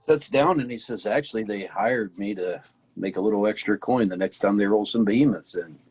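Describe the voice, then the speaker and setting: A man's voice: lowish voice, a little fast, a little mellow, slightly rough, soft background music, poor audio. A man playing a tabletop role-playing game, narrating his character's actions in the third person. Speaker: player.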